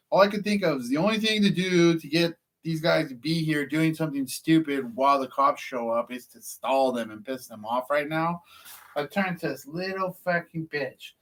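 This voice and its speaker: A process server vlogger from California, a man with a fairly high, slightly bright voice, rambles through a casual story to the camera. He swears often and laughs at himself.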